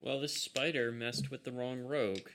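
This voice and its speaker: Male player, bright forceful tone, playful banter at the table. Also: mid-range voice, steady tone, moderate pace, slight background noise. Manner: playful, jokey. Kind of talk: tabletop game play.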